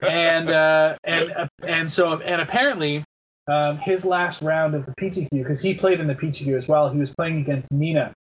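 A man in his thirties, from Canada, hosts a casual podcast chat with a slightly high voice. He rambles and stalls on fillers, dropping an occasional swear word. The audio is dull and lo-fi. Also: steady tone, normal speed. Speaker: podcast host.

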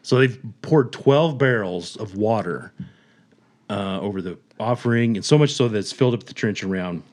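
Low-voiced man telling a story casually. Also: moderate pace. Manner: animated retelling with chuckles and acted quotes. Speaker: podcast host.

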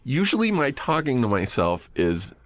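A man's voice: medium pitch, wildly swooping pitch, normal speed, dry recording. A man hosting a podcast, telling crude, self-mocking stories and acting out his own muttering. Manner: profane, self-mocking storytelling. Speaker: podcast host. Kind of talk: casual chat.

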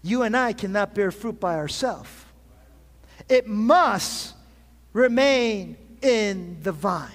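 Speaking slowly with lively intonation, a high-pitched male pastor delivers a sermon in a church sanctuary. He asks the congregation for amens, frequently starts phrases over, and the large room adds a long reverb.

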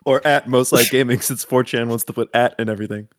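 A man's voice: medium pitch, steady tone, quick pace, dry recording, studio quality. Crude mocking male podcaster. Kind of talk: casual podcast chat.

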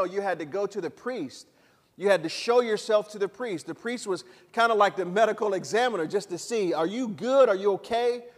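A man preaching a sermon as pastor, animated, acting out voices and leading the congregation in prayer. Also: high-pitched, big-room sound. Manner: animated preaching, acts out voices and calls the crowd to repeat.

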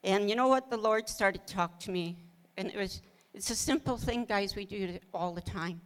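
A woman's voice: medium pitch, moderate pace. Earnest woman telling a faith story. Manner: earnest storytelling, laughs often, quotes her own prayers. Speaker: pastor's wife, co-host. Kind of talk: casual ministry talk.

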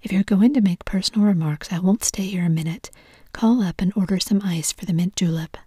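A woman's voice: fairly low pitch, fairly quick, dark tone, husky, dry recording, studio quality. A woman whispering the lines of a moody, petulant wealthy young woman in a whispered role-play.

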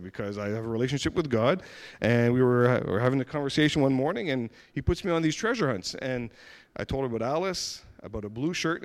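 A man giving a personal testimony, retelling events in a lively way with frequent restarts and acted-out dialogue. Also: mid-range voice. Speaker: church member giving a testimony.

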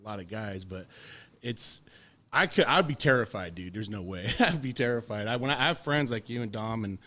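A man's voice: lowish voice, animated, brisk, sharp tone, dull audio. A man hosting a casual interview, chatty and easygoing, often laughing along and saying dude. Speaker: podcast host.

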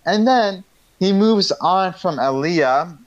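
A man's voice: sits high, expressive, takes it slowly. A young man telling a story in casual chat, rambling and profane, with slang and many restarts. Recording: dull lo-fi sound.

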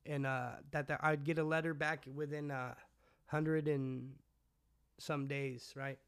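A man's voice: a little high, flat delivery, measured pace, a bit bright, clear, resonant tone. Profane, rambling man telling his story. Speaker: guest recounting his past. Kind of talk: casual storytelling.

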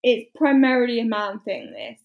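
High-voiced, frank woman. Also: very animated, moderate pace, vocal fry. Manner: frank, opinionated, laughs easily. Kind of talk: casual podcast chat.

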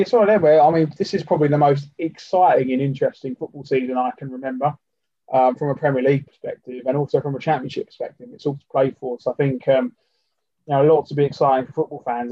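A man's voice: mid-range voice, steady tone, fast, mellow, no echo, highs cut off. A man talking as a podcast guest in casual football chat, rambling and leaning on fillers and restarts.

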